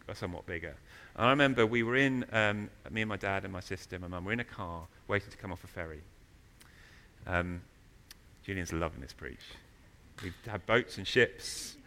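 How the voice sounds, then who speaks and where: A man preaching a sermon in a church, telling stories with animated, loud emphasis. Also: sits low.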